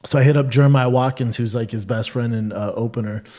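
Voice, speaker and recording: A man talking casually as a guest. He is blunt and swears freely, teasing the others as he tells a story. His voice is a middle pitch for a man. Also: steady tone, quick pace, warm tone. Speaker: podcast co-host and guest. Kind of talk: casual chat.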